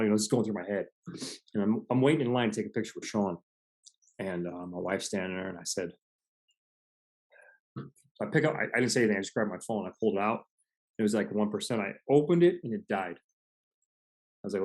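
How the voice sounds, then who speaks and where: A man's voice: on the low side, a little mellow. A man in his forties hosting a podcast, telling stories earnestly and casually, with some swearing. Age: 40s. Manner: earnest storyteller, profane. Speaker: podcast host. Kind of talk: casual conversation.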